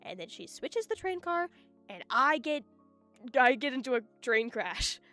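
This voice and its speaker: A woman streamer chatting casually and ranting in an animated way, often cutting herself off mid-sentence. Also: high-pitched, unhurried, dry recording, soft background music. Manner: animated, ranting, self-interrupting. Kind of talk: casual live-stream chat.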